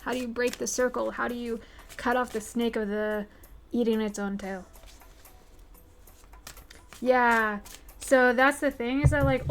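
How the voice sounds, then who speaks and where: A woman's voice: a little high, a little hiss or hum. Blunt, fired-up woman livestreamer. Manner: candid, profane, emphatic. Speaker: livestream host. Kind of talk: casual chat answering viewer questions. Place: home streaming setup.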